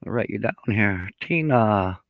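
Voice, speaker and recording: A man's voice: lowish voice, expressive, no room sound. A man hosting a casual live stream, chatting in a rambling, easygoing way and reading out viewer comments. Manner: slow, easygoing delivery with many fillers. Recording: dull lo-fi sound, dry room.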